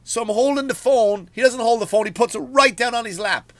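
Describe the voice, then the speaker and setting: An Irish man, a comedian and podcast host, telling a story as a profane, animated comedic rant from home. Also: very high-pitched, a little fast, no room sound. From Ireland.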